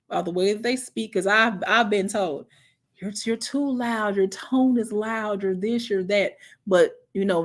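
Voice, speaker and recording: A woman hosting a casual talk stream, telling stories in a lively, preachy way, calling listeners child and honey and mocking others in put-on voices. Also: mid-range voice. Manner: animated, preachy storytelling with mocking impressions. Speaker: host.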